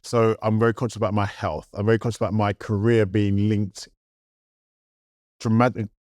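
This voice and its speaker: A man's voice: fairly low pitch, level tone, normal speed, darkish tone, dry recording, studio quality. A man in casual chat as a podcast co-host, reflective, picking up speed when he makes a point.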